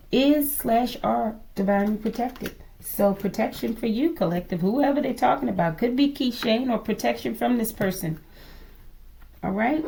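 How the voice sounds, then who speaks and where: A woman's voice: a little high, creaky, mellow, slight background noise. A woman giving a casual tarot reading to her viewers, musing aloud, asking the cards to show her and often calling her audience "collective". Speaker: tarot reader.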